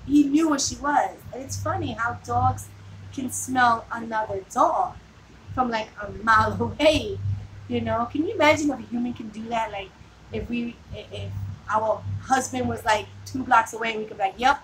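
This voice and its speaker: On the high side and a bit bright, a woman's voice carries at a moderate pace as she rambles through a casual vlog chat with viewers. She laughs a lot and keeps saying "like" and "you know." A phone records her from afar, catching noticeable background noise.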